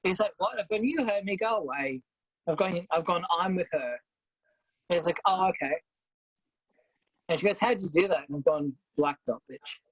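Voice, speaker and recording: A woman's voice: lowish voice, lively intonation, normal speed, long pauses, breathy edge, dry recording. A woman, co-hosting a casual chat, blunt and swearing freely as she acts out stories. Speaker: podcast co-host. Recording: dull lo-fi sound.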